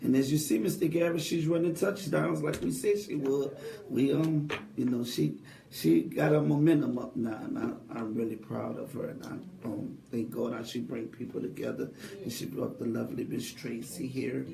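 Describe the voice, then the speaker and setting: Gravelly New Orleans man, echoey room. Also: medium pitch, steady tone, crowd noise. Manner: earnest, halting, with fillers. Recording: echoey room from a distant mic.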